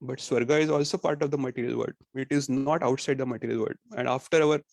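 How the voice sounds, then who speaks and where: A man giving a scripture class. He recites Sanskrit verses in a chanting cadence, then explains them in plain, halting full of "you know". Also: mid-range voice, fairly even intonation, creaky, dry recording. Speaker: temple class speaker.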